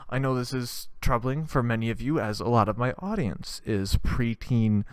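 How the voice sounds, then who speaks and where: A man's voice: mid-range voice, normal speed, smooth, dry recording, studio quality. A man hosting a comedy podcast, telling a crude, rambling comic story. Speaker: podcast host. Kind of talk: comedic monologue.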